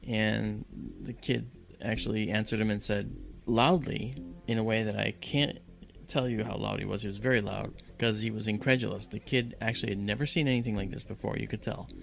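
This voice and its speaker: Gravelly-voiced man telling a tense story. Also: on the low side, fairly quick. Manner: animated storyteller who acts out quoted voices. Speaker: guest recounting a personal story. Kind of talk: storytelling in conversation.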